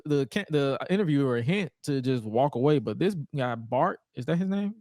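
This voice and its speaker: A man's voice: on the high side, lively intonation, moderate pace, a little mellow, dry recording. Laid-back joking man, dry sound. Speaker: podcast co-host. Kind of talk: casual wrestling recap chat.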